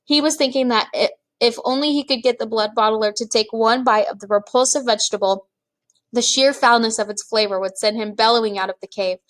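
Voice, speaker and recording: A woman reading a children's book aloud, with expressive, measured storytelling. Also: a little high. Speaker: reader.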